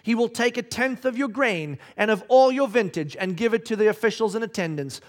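A man preaching a sermon, reading scripture and shouting acted-out quotes with animated energy. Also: sits high, fairly quick. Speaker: pastor.

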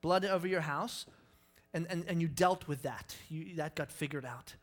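Man preacher, fairly high voice, playful, acts out his stories. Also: moderate pace, soft background music. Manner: animated, acts out scenes with sudden yelps. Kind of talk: sermon with lively storytelling.

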